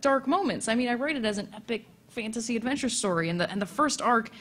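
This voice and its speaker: Young female comic creator on a panel: bubbly storyteller, slightly high voice, light background noise. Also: fast. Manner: laughing, animated anecdote telling. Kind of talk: casual storytelling. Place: convention panel room.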